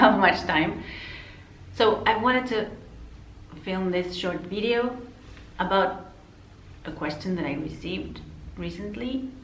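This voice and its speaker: A woman's voice: fairly low pitch, fairly bright tone, roomy sound, a little hiss or hum, low-quality recording. A woman from Argentina with an Argentine Spanish accent, a counselor talking casually to the camera, chatty, often laughing and making apologetic asides. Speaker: counselor and vlogger. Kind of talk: casual to-camera vlog talk. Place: indoor room, not her usual spot.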